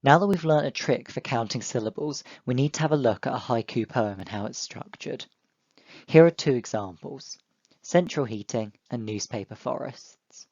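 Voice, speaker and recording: A young male teacher giving an online lesson to children, explaining step by step in a clear, encouraging way. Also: medium pitch, expressive, moderate pace, darkish tone, no echo, dull audio. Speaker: primary school teacher.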